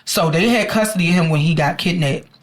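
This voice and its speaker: A woman's voice: fairly low pitch, fast, low-quality recording. Chatty woman retelling a movie plot. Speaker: podcast co-host. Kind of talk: casual movie review chat.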